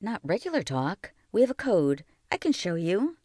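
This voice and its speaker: A woman voicing a quiet, wary young farm boy in a read-aloud children's novel. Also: mid-range voice, sing-song, moderate pace, no room sound, studio quality, pitched above the performer's own voice.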